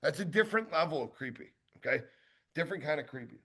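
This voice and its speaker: Guy doing sales training, bright voice, talks casual w lots of "right?" and "you know", acts out customers. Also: a little high, fast talker, husky. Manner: animated, acts out customer exchanges; conversational with many fillers and asides.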